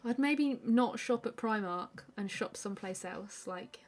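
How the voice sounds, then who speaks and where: Woman, live-stream art host, relaxed rambling chat, mid-pitched voice. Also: a little slow. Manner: relaxed and chatty, many fillers, answers viewer questions. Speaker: artist hosting a live stream. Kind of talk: casual chat while drawing.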